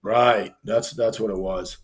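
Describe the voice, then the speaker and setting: A man casually telling an anecdote on a live stream, animated, acting out the people he quotes, with plenty of fillers. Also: fairly low pitch, measured pace.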